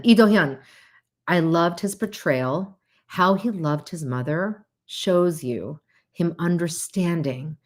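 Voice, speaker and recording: A woman with a lowish voice hosts a casual livestream talk, addressing her chat directly. She is animated and conversational, slipping into exaggerated voices and laughing through her asides. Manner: animated, acts out quoted voices with big pitch jumps. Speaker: host.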